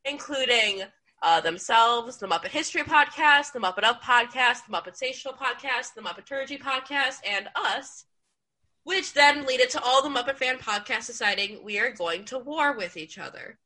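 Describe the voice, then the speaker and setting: Bright-voiced chatty young woman podcaster. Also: fairly high pitch, animated, normal speed, rough recording. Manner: chatty, jokey, with frequent restarts and fillers. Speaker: podcast co-host. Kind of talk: casual podcast chat.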